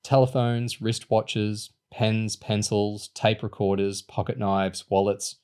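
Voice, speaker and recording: A man's voice: lowish voice, flat delivery, slow pace, a little mellow, clean tone. A man doing a sinister commanding woman. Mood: cold.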